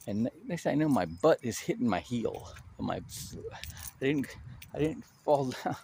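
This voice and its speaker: A man talking casually on his own channel, an animated storyteller who restarts his sentences often and stresses his points. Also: mid-range voice, a little slow, creaky, husky.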